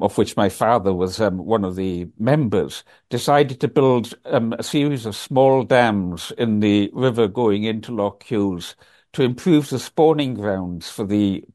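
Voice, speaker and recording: A man's voice: on the low side, a little slow, a little mellow. An older man, telling stories as an interview guest over a video call from his office, thoughtful and full of ums and restarts. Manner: reflective, frequent ums and restarts. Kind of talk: storytelling in a conversational interview.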